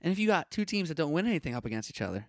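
A man's voice: on the high side, very animated, rapid-fire, dry recording, clean studio sound. A young man hosting a solo sports podcast, ranting in a punchy, opinionated way with lots of rhetorical questions.

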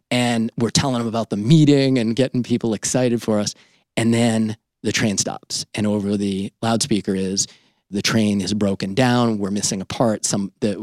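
A middle-aged man, an entrepreneur and podcast host, telling a lively anecdote in an interview and often checking in with "right?". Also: medium pitch, no room sound, studio quality.

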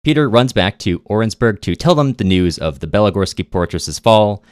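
A man's voice: on the low side, expressive, a little fast, a little mellow, clear, resonant tone, no echo. A man co-hosting a podcast, casually retelling a novel's plot with wry, dry asides. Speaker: podcast co-host. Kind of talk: casual book recap.

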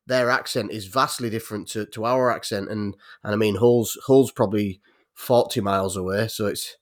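A man's voice: fairly low pitch, fairly even intonation, normal speed. A man with a North Yorkshire accent in casual podcast chat, rambling with lots of restarts and fillers. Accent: North Yorkshire English. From North Yorkshire, England.

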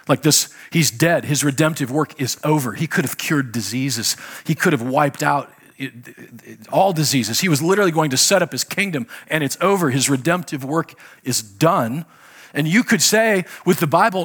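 A middle-aged male pastor with a husky, slightly breathy voice delivers a sermon in a chatty, personal way. He rises into loud, emphatic bursts, then drops to quiet, low statements. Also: fairly quick. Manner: conversational, swings between loud emphatic bursts and hushed low lines.

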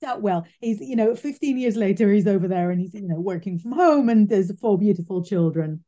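A woman from the UK with a quirky, unusual voice, chatting loudly as a guest over a video call. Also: medium pitch, lively intonation, a little fast, lo-fi sound. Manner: loud, chatty, laughs often. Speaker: guest psychic medium. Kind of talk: casual interview chat.

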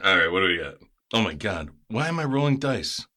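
Casting note: male player, lively pitch swings, bright tense tone, stammers and chuckles. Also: a little fast. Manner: animated, stammers and laughs between lines. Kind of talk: casual tabletop game chat.

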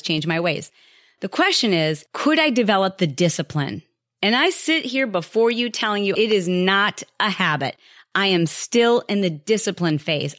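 A woman's voice: medium pitch, no room sound. Chatty woman podcast host, dry sound. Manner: chatty and candid, acts out her own past thoughts in quotes. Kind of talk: casual motivational monologue.

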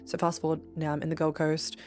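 A young Australian woman with a fairly low voice tells a story on her podcast in a loose, chatty way. She swears freely and jumps up in pitch to act out what people said. Faint music plays behind her. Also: fast talker. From Melbourne, Australia. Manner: animated, swears freely, acts out dialogue with big pitch jumps. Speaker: podcast host. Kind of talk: casual storytelling monologue.

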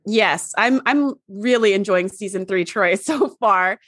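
A woman co-hosting a podcast in relaxed, casual chat, laughing easily. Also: mid-range voice, unhurried, no echo, clean studio sound. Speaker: podcast co-host.

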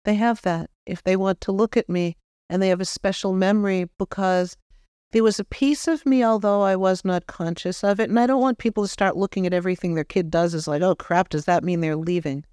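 A woman's voice: medium pitch, fairly even intonation, fairly quick, darkish tone, clear, resonant tone, dry recording, clean studio sound, natural voice. A woman medium speaking as the spirit of a cocky, loving young man, earnest and reflective, with some self-mocking jokes. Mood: playful. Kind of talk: channeled spirit talk.

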